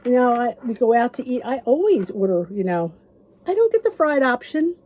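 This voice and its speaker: A woman's voice: fairly high pitch, sing-song, moderate pace, warm tone, a little hiss or hum. A middle-aged woman vlogger, talking to the camera in a chatty, rambling and encouraging way. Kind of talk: casual chat to camera.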